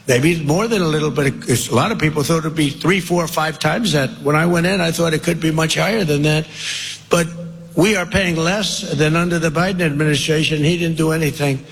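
A man's voice: a little high, moderate pace, slightly rough, in a large hall. A man giving a rambling, boastful campaign speech with emphatic asides. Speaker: politician.

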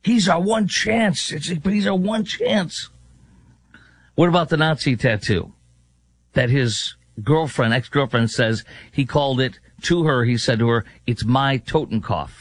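A man's voice: mid-range voice, fairly bright tone, no echo. A man hosting a political talk radio show, sarcastic and mocking, firing off rhetorical questions.

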